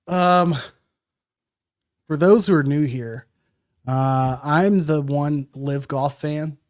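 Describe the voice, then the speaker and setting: A man's voice: a little high, slow. A man co-hosting a casual sports podcast, rambling and joking with lots of filler words. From Madison, Wisconsin. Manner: rambling, jokey, many fillers. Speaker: podcast co-host.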